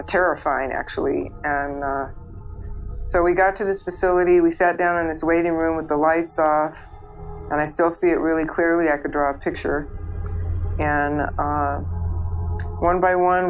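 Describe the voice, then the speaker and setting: A woman giving a halting personal testimony, pausing often with fillers as she recounts events. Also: deep voice, steady tone, soft background music, rough recording. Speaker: interviewee.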